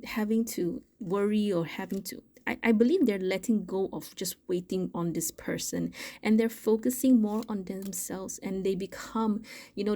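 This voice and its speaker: A woman talks through a tarot card reading in a casual, chatty way. Her voice is mellow and warm, sitting at an ordinary middle pitch. She thinks aloud, often restarting her sentences. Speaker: tarot reader.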